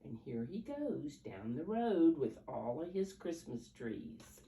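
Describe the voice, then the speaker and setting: Low-voiced older woman reading to preschoolers. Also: sing-song, slow, mellow. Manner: coaxing teacher-like, counting along and asking questions. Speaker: storyteller for preschoolers. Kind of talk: reading picture books aloud to children. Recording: roomy echo, mic at a distance, faint background hum.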